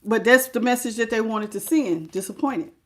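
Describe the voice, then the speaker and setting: A woman's voice: on the high side, normal speed. A woman giving a casual live-stream tarot reading, chatty and emphatic, often laughing and greeting viewers by name. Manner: emphatic, repeats key phrases. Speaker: tarot reader.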